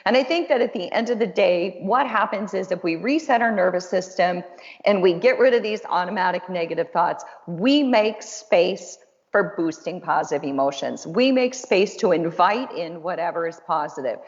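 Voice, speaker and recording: A woman who hosts and counsels delivers a casual webinar talk at normal speed, her low-leaning voice expressive, encouraging and chatty as she pokes fun at herself. Long reverb and dull lo-fi audio mark the recording.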